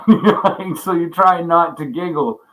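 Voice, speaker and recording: A man's voice: fairly high pitch, slow pace, a bit bright, rough recording. A man hosting a casual livestream chat, rambling and swearing a lot, often laughing as he greets viewers by name. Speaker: livestream host.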